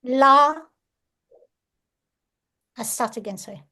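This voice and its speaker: A woman's voice: fairly high pitch, slow pace, bright, forceful tone. A woman student in an online language class, hesitant and apologetic as she practises reading aloud.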